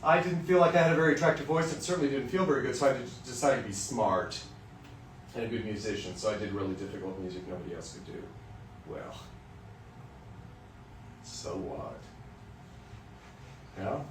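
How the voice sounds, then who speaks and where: A man's voice: medium pitch, fairly quick, long pauses, background noise. A man from Western Kansas, a voice teacher, lecturing music students in a candid, joking, storytelling way. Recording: roomy sound from a distant mic.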